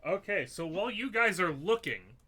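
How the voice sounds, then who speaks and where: A man's voice: high voice, lively intonation, normal speed, pushed and bright, slightly rough. A man narrating a tabletop game as game master, with wry, theatrical descriptions.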